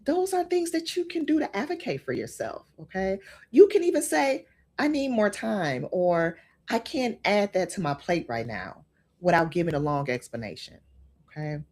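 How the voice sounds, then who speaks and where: A woman's voice: medium pitch, very animated, normal speed, a little mellow. A middle-aged woman hosting a podcast, giving an earnest motivational talk and checking in with the listener often. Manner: earnest, repeats "okay?" to the listener. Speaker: podcast host.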